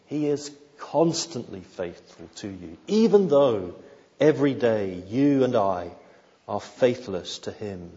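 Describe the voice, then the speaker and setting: A man's voice: mid-range voice, sing-song, slow pace, dark tone. A man delivers a sermon, driving home each point by repeating it and asking the congregation pointed questions. His voice rings out with a long reverb tail through a church hall. The recording sounds somewhat dull and muffled. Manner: emphatic, repeats key phrases, rhetorical questions. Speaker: pastor.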